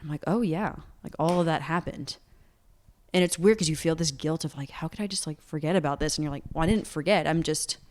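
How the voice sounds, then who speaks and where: A woman's voice: deep voice, fairly quick. A young woman singer-songwriter talking openly in an interview, earnest and candid, peppering her speech with "like.". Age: young adult. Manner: earnest, open, heavy use of "like".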